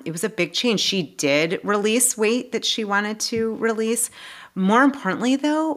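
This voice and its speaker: A woman life coach talking casually as a podcast guest, earnest and heartfelt, with lots of restarts and asides. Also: lowish voice. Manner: animated, with many restarts and asides.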